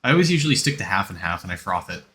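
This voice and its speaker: A man's voice: low-pitched, big pitch swings, rapid-fire, pushed and bright, a little hiss or hum. A man streaming a game, chatting casually and rambling as he answers chat and gives game tips.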